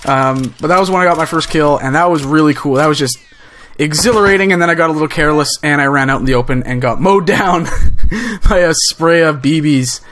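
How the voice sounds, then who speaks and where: A young man casually recounting a story with excited energy, rambling with lots of fillers and restarts. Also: a little high, fairly quick, a little hiss or hum. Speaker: gaming channel host.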